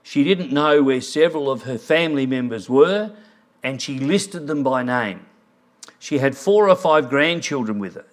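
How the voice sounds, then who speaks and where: Earnest man preaching a sermon. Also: medium pitch. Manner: earnest, reads quotes aloud, briefly moved. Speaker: pastor. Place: church.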